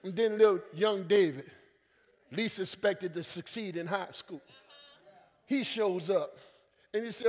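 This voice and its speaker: A man preaching a sermon as senior pastor, calling out to his congregation and building to loud emphatic lines, voicing quoted people in casual vernacular. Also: high voice, unhurried, pauses often. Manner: acts out quoted voices in conversational vernacular. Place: church sanctuary. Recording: long reverb of a church hall.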